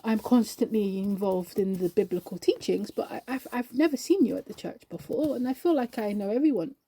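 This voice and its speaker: A woman's voice: medium pitch, a little fast, warm tone, slightly rough. A woman voicing a bookish, self-important male scripture scholar in a storybook reading. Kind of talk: storybook character voice.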